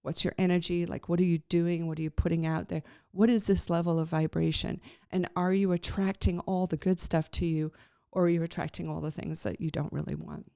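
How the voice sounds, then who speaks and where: A woman's voice: on the low side, flat delivery, fairly quick, creaky, hardly any pauses, dark tone, no room sound, studio quality. A woman podcast host telling a personal story in a chatty, rambling way, with many fillers and restarts.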